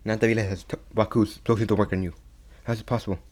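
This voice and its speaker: A young man telling a fan story in a loose, unscripted way. His voice sits a little low, and he keeps stopping, repeating words and starting over. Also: little pitch movement, darkish tone. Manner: halting, many restarts and repeats. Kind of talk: casual retelling of a fan story.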